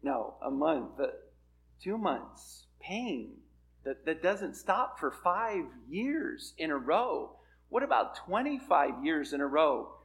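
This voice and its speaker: A man's voice: fairly high pitch, sing-song, takes it slowly, gravelly. A man preaching a sermon as a pastor, earnest and building to emphatic peaks.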